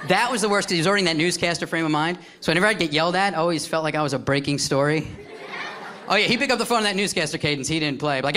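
A man's voice: on the high side, very fast, sharp tone. A man doing chatty storytelling stand-up comedy on a club stage.

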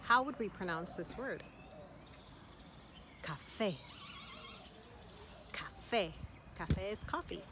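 Encouraging woman teaching with noise behind. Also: mid-range voice. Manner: encouraging, repeats words slowly and distinctly. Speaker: Spanish teacher. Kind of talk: slow, clear language lesson. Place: outdoors in Mexico.

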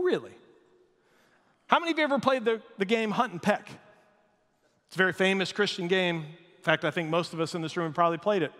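Animated high-voiced male pastor preaching. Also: big-room sound. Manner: animated storytelling, acts out shouting voices. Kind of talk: sermon. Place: church sanctuary.

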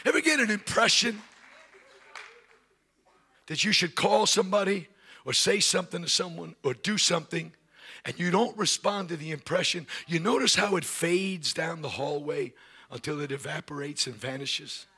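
A man preaching a sermon, swinging from loud shouts to hushed whispers and repeating himself in quick restarts. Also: a little high, slightly rough. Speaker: pastor. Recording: live from a church.

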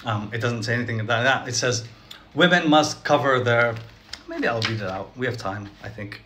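A man's voice: medium pitch, normal speed, pushed and bright, a little hiss or hum. A man talking casually to camera in a sarcastic, chatty way, often laughing and asking "right?" between points. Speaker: vlogger. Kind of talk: casual direct-to-camera commentary.

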